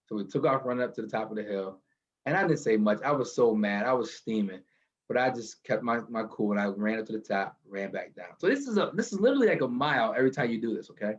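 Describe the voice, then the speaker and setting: A man telling a motivational story from his car, animated and building to a lesson, over a video call. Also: fairly low pitch, fast talker, lo-fi sound. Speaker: guest speaker.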